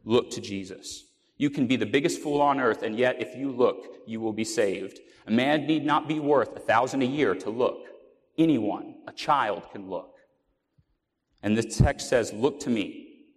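A man preaching in an earnest, storytelling way, pausing on fillers and starting phrases over. His voice sits at an ordinary middle pitch. A long reverb trails behind his words, as if he were in a church sanctuary. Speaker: pastor. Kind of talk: sermon.

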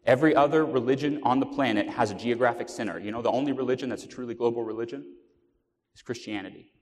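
Guy preaching a sermon, earnest storytelling, lots of uh and restarts, long echo like a church hall. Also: mid-range voice. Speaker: pastor.

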